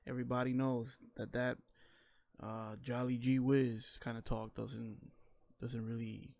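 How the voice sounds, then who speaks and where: A man's voice: medium pitch, level tone, unhurried, creaky, a little mellow. A man telling his own story in a candid, reflective way, casual and full of "you know" and "man" fillers.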